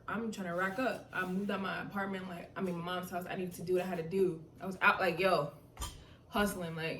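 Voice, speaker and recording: Young New woman vlogger, lively slangy storyteller, mic a bit distant in a roomy space with faint hiss. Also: lowish voice. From New York. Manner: animated, slangy storytelling with quoted dialogue. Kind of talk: casual storytime. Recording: echoey room from far off, faint noise.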